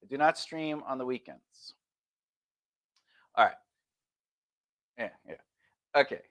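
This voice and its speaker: A man's voice: medium pitch, animated, slow pace. A man streaming a casual lesson on conversation skills, talking loosely and acting out example replies.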